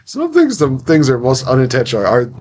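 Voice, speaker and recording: A man's voice: mid-range voice, huge pitch swings, brisk, a little mellow, slight background noise. A young man hosting a casual interview, chatty and rambling, acting out little quotes as he tells stories. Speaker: podcast host.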